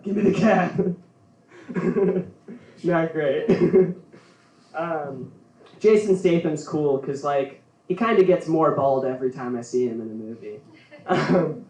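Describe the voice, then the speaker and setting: A man doing a stand-up set at a comedy venue, rambling and laughing at his own jokes. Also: on the high side. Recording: roomy, from far off.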